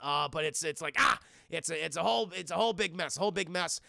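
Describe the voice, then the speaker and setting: A man's voice: a little high, fast, gravelly, sharp tone, no echo, studio quality. A man reviewing a film for his stream chat, telling the plot in a loose, profane ramble and calling out to the chat. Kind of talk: casual spoiler recap.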